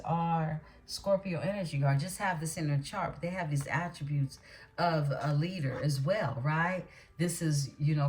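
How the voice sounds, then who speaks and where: A woman's voice: low-pitched, a little mellow. A woman doing a tarot card reading, blunt and emphatic, often checking in with her listeners as she goes. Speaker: tarot reader.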